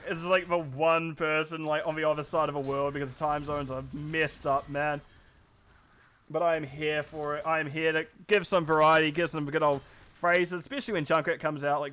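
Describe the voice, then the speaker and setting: A man's voice: fairly high pitch, level tone, fairly quick, fairly bright tone, clear, resonant tone. A man with a New Zealand accent casting a live esports match, chatty and self-deprecating, with rambling asides. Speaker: esports caster. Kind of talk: live esports play-by-play commentary.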